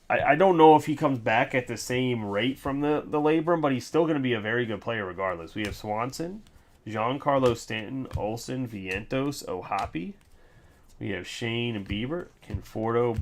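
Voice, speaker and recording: A man hosting a trading card break, chatting casually, reading off names in quick lists with sarcastic ranting asides. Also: mid-range voice. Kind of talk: casual livestream chat.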